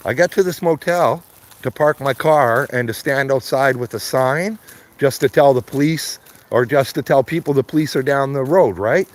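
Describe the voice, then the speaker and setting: A man's voice: medium pitch, moderate pace. A man chatting casually on a livestream while walking his dog through his neighborhood, rambling and calling everyone "man". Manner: rambling, repeats greetings, says "man" often. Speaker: livestreaming street auditor. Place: outdoors on neighborhood streets.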